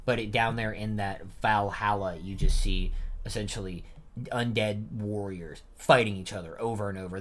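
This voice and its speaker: A man's voice: deep voice, slight background noise. A young man reading a manga chapter aloud and chatting about it in a rambling, casual way. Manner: rambling, chatty asides with fillers. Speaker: manga reaction streamer. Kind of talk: casual live reading and commentary.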